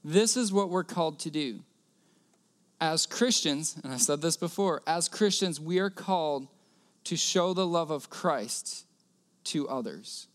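A man's voice: a little high, lively intonation, measured pace, a bit bright. A man preaching a sermon, telling a personal story earnestly and repeating key phrases.

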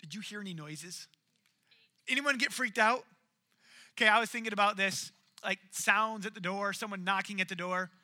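A man giving a relaxed sermon in a high, very bright and sharp voice, who tells stories and breaks into the voices of the people he quotes. he sounds lively and close to his audience. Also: moderate pace, long pauses. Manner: storytelling, acts out quoted lines. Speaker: preacher. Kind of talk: casual sermon.

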